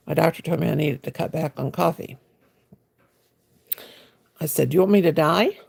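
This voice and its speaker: Gravelly-voiced woman in her sixties. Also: deep voice, mellow. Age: 60s. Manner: chatty, greets viewers by name, homey and folksy. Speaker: crochet livestream host. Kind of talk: casual live-stream chat. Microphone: phone.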